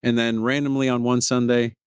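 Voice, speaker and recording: A man hosting his own podcast, telling stories in an animated way, often restarting his sentences. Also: mid-range voice, fairly quick, clear, resonant tone, no room sound. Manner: animated, repetitive restarts, excited storytelling. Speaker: podcast host. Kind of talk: solo podcast storytelling.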